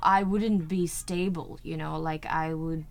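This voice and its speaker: A woman's voice: low-pitched, steady tone, a little slow. Chatty woman with a European accent. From Sweden. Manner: chatty and gushing, full of "like" and "you know". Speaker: actress guest. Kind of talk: casual interview chat.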